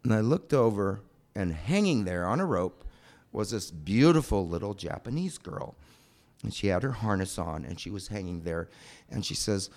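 A man telling a personal story aloud in an animated, breathless way. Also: lowish voice, moderate pace, vocal fry. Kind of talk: personal anecdote told aloud.

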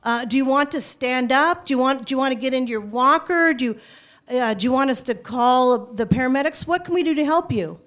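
A woman quoting a man who stops to help a stranger, speaking in her own voice with clear, calm, gently insistent questions. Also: high voice, fairly quick. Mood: calm, earnest. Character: calm, earnest male street helper.

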